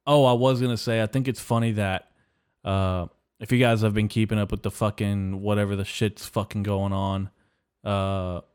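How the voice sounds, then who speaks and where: A man's voice: on the low side, a little mellow, smooth. A young man hosting a podcast, delivering a profane, rambling, mock-outraged comedic rant. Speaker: podcast host.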